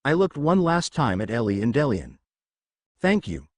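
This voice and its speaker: Man narrating fan fiction, lively pitch. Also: brisk, no room sound. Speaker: story reader.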